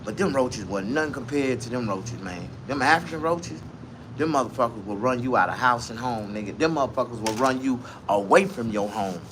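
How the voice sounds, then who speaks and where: A man telling a comic story in a profane, rambling, animated way. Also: medium pitch, fairly quick, background noise.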